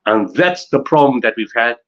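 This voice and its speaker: A man's voice: medium pitch, expressive, normal speed, a bit bright, lo-fi sound. A man from South Africa giving an emphatic conference talk on disaster management, building his points through repetition and rhetorical questions.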